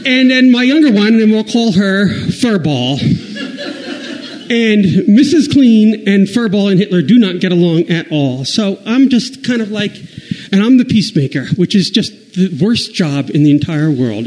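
High-voiced rambling stand-up man. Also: animated, darkish tone, poor audio. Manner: rambling, self-deprecating, halting restarts. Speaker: comedian. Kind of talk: stand-up storytelling.

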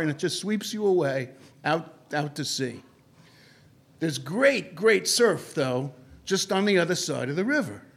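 A man telling a travel story in an animated, digressive way, with many fillers and restarts. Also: on the high side. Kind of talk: anecdotal storytelling.

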